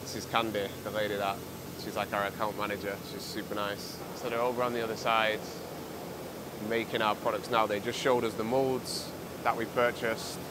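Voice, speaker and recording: A young man talking to a handheld camera in a casual travel vlog, excited and chatty, peppered with "like". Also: fairly low pitch, normal speed, noisy background. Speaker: vlogger and online seller. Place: on a street and in a factory.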